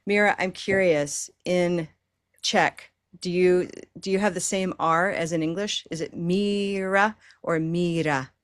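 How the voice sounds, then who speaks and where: A woman with an American accent teaching pronunciation in an online class, modeling phrases slowly and encouraging her learners. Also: fairly low pitch, fairly even intonation. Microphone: video call.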